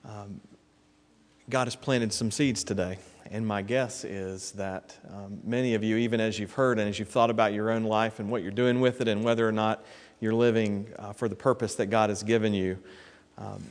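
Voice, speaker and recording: A male pastor giving a measured, slightly halting invitation at the end of a service. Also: lowish voice, fairly even intonation. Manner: measured, hesitant with fillers. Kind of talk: sermon invitation. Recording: reverberant hall.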